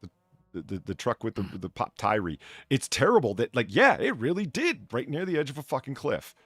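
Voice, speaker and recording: A man's voice: medium pitch, sing-song, brisk, fairly bright tone, no echo, studio quality, soft background music. A man hosting a casual podcast, reading news aloud with swearing and stumbling restarts. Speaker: podcast host.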